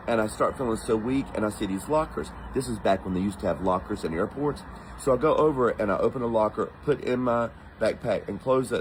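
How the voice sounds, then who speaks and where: A man from the United States telling a personal story in a casual, animated way, acting out the voices of the people in it. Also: on the low side, a little hiss or hum, low-quality recording. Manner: animated, acts out quoted voices.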